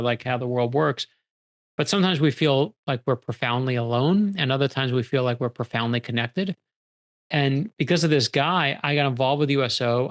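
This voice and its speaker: A man's voice: mid-range voice, fairly bright tone. A middle-aged male author being interviewed, telling stories animatedly and acting out the quoted dialogue. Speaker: author guest. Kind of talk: storytelling interview conversation.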